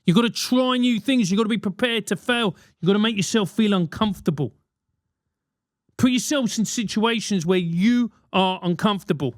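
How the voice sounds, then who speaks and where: A man's voice: high voice, moderate pace, no room sound, clean studio sound. A man in his forties hosting a solo podcast, ranting animatedly with swearing and mock voices. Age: 40s. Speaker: podcast host.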